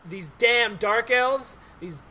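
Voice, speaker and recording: A stubborn, bigoted dwarf mine boss blusters and bristles, as a man plays him in a tabletop game. The voice sits high and bright, with a faint hiss of background noise. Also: slow, full character voice. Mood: indignant. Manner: indignant, blustering.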